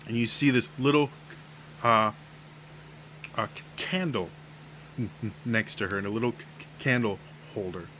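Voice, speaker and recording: A man's voice: fairly low pitch, moderate pace, pauses often, bright, forceful tone, a little hiss or hum. A man narrating a tabletop game as game master, stammering often on the first sounds of words.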